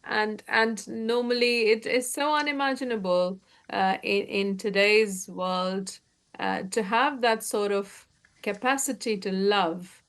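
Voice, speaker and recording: A woman interviewer responding in a conversational way, halting with fillers as she speaks. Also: medium pitch, steady tone, fairly bright tone, clean tone.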